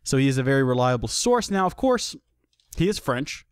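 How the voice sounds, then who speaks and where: A man's voice: mid-range voice, very animated, brisk, clear, resonant tone, no room sound, studio quality. A young man hosting a casual solo podcast, chatty and jokey, often restarting his sentences. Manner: chatty, jokey, self-deprecating, with many restarts. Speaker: podcast host.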